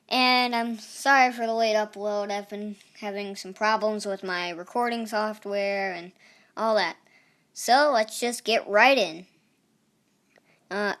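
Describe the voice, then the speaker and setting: A young woman hosting a gaming channel chats casually through her gameplay in a bright, clear, slightly high voice. She keeps an unhurried pace and bursts into playful exclamations as she reacts to the game.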